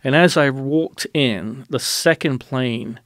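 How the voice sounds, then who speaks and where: A man with a gravelly, creaky voice tells a personal story as a radio interview guest. He talks in an animated, rambling way and restarts often. The recording is dry and close. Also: medium pitch, slow, dry recording.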